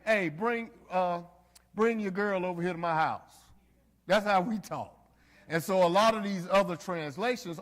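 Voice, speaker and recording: Man teaching Bible study in an echoey hall. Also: on the high side. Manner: conversational, frequent fillers, addresses the group directly. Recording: reverberant hall.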